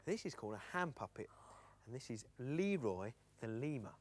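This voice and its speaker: A man's voice: medium pitch, very animated, moderate pace. A man presenting a children's TV show, playful and patient.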